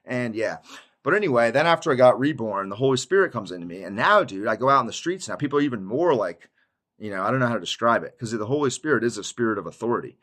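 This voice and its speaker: A man's voice: mid-range voice, lively intonation, fast talker, fairly bright tone. A man giving a casual testimony monologue to his viewers, rambling in slangy speech, saying "dude" often and laughing mid-sentence. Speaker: YouTuber giving a Christian testimony.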